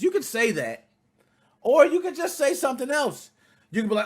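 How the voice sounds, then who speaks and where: A man in his thirties with a high, bright voice, hosting a casual commentary. He talks straight to his viewers, blunt and profane, and his pitch swings all over as he riffs. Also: big pitch swings, moderate pace, breathy edge. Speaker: commentary channel host.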